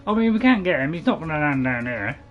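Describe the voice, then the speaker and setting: High-voiced man rambling over gameplay. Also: dull audio. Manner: rambling, self-correcting, chuckling asides. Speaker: gaming channel host. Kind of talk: casual gameplay commentary.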